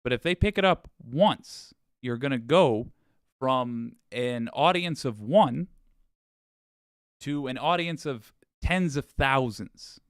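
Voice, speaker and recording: A young man hosting a political livestream show in a wry, chatty way, with asides and his voice going hoarse. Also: mid-range voice, lively intonation, slow, no room sound, clean studio sound. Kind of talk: casual livestream talk.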